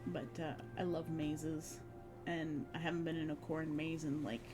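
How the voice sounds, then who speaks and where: A woman's voice: low voice, flat delivery, a little slow, over music. A woman streamer chatting casually, rambling with fillers and frequent laughs. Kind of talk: casual chat.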